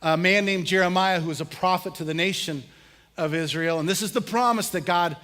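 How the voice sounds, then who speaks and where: Middle-aged male pastor, high tenor, relaxed storytelling sermon with humor. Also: brisk. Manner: casual, humorous storytelling with audience questions. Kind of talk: conversational sermon.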